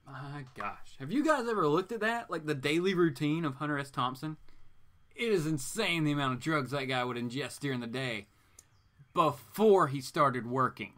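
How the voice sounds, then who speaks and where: A man's voice: mid-range voice, fairly bright tone. A man hosting a casual live comics show, rambling through his thoughts and chatting back to viewers' comments. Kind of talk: casual live-stream chat.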